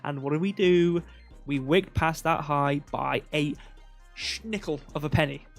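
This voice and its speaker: Male stream host, a bit high-pitched, loose and chatty, thinks aloud over charts. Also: unhurried, creaky, soft background music. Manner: rambling, filler-heavy, thinking aloud. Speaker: crypto livestream host. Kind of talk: casual live chart commentary.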